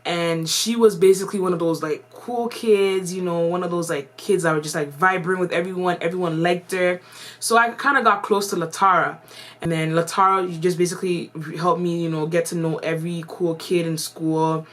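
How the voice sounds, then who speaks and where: A woman's voice: on the low side, fairly even intonation, moderate pace, a bit bright. A woman from Canada telling a casual storytime vlog, slangy and chatty, full of "like" and "yo.". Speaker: vlogger.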